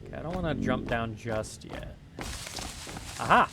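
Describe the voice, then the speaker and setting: A man's voice: medium pitch, animated, normal speed, over loud music. Wry man commenting on a game. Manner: musing, wry asides. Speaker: gaming channel host. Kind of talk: let's play commentary, reading in-game notes aloud.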